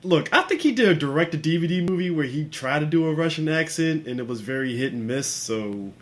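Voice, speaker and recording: A man's voice: on the high side, animated, fairly quick. A man co-hosting a casual podcast chat about films, laid-back, swearing freely and laughing often. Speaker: podcast co-host.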